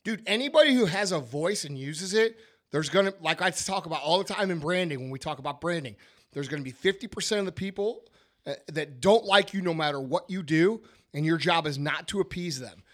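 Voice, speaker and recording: A man's voice: fairly high pitch, lively intonation, a little fast, a bit bright. A man, talking bluntly and emphatically on a podcast and swearing a lot. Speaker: podcast host, business owner. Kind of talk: casual podcast chat.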